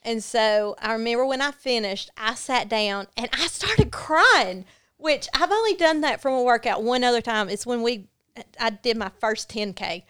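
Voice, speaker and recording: Very clear-voiced woman telling her story. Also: on the high side, a bit bright. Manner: earnest, candid, halting with fillers. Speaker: guest. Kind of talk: personal storytelling in a podcast interview.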